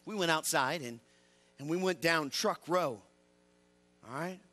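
A man preaching a revival sermon as an evangelist, calling out questions to the congregation and swinging between loud exclamations and low quiet asides. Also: measured pace. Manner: call-and-response with the congregation. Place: church.

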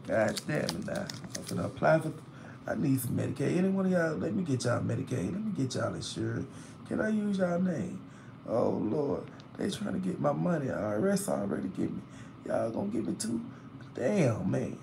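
Tired gravelly dude on a phone livestream from a hospital bed, venting about the bill. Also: male voice, on the low side, sing-song, normal speed, noisy background. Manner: chatty, vents and complains loudly about hospital bills. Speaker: livestreamer reading comments. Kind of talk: casual live stream chat. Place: hospital room.

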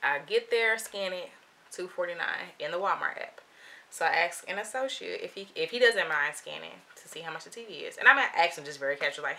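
A woman vlogger telling a shopping story in a lively, slangy, animated way. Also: fairly low pitch, fairly quick. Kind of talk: storytime vlog.

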